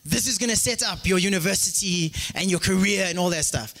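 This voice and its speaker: A man's voice: high voice, a little fast, faint music behind. A man preaching a sermon as pastor, joking and acting out little dialogues. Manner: animated, joking, acts out dialogues. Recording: echoey hall.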